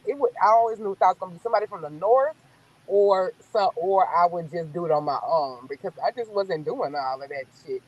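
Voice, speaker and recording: A woman with a Southern US accent, telling stories in a sassy, blunt, animated way during a casual chat. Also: fairly low pitch, fast, lo-fi sound. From American South.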